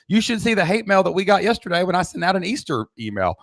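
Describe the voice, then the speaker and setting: A man's voice: fairly high pitch, fast, hardly any pauses, no echo, clean studio sound. Blunt, pushy Southern man coaching live. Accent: Southern American. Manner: blunt, pushy, energetic pep talk. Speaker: online business coach. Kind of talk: live-streamed training session. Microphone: cheap desk mic at laptop.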